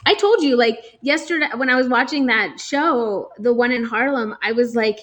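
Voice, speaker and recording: A woman's voice: on the high side, normal speed, a bit bright. A young woman from New Jersey co-hosting a casual talk show, chatty with lots of fillers and frequent laughs. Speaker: podcast co-host. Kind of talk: casual chat.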